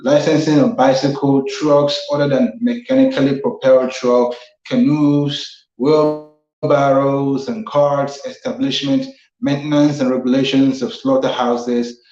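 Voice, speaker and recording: A man's voice: medium pitch, steady tone, measured pace, a little mellow. A Nigerian man hosting a civic talk show, earnestly explaining the constitution and repeating phrases for emphasis. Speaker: host. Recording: roomy, slightly dull sound.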